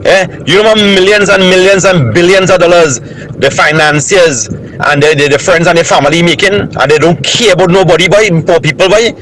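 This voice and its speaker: Man, trinidadian accent, angry ranting voice note, raised pitch, faint traffic noise. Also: a little fast, a bit bright, low-quality recording. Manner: angry ranting, repeating "boy". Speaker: caller. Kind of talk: voice note to a talk show.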